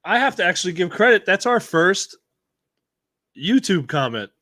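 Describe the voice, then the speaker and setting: A man co-hosting a podcast, talking excitably in loose banter with lots of laughing and swearing. His voice is a bit higher than usual for a man, recorded dry and close. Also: normal speed, dry recording. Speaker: podcast co-host.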